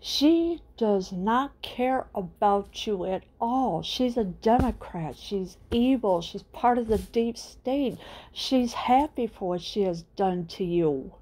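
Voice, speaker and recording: A woman's voice: mid-range voice, expressive, slow pace, a little mellow, a little hiss or hum. A middle-aged woman hosting her own channel, delivering an indignant political rant and firing off repeated rhetorical questions. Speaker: channel host.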